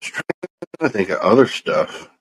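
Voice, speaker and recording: Man, very low voice, rambling casual podcast talk. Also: sing-song, moderate pace, a little hiss or hum, poor audio. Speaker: podcast co-host. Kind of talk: casual chat.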